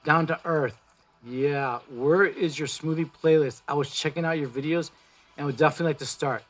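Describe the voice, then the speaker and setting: A man's voice: a little high, normal speed, soft background music. Blunt, swearing man on a livestream. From Mexico. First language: Spanish. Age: 40s. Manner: blunt, swears freely, pep-talk tone. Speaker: plant-based food vlogger. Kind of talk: casual livestream chat. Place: indoors, live stream.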